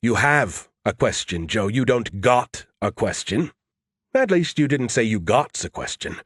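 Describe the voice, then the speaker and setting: A man's voice: mid-range voice, very animated, a little slow, slightly rough, dry recording, studio quality. A man voicing a smug, sarcastic male AI who talks down to people and teases them. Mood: mocking. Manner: condescending, teasing.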